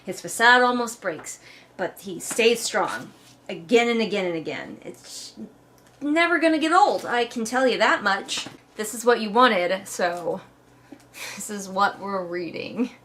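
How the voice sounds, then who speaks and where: A woman's voice: medium pitch, animated, a little slow, a bit bright, a little hiss or hum. A woman giving sarcastic, mocking commentary while reading along with a book she dislikes. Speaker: book reviewer. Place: home couch.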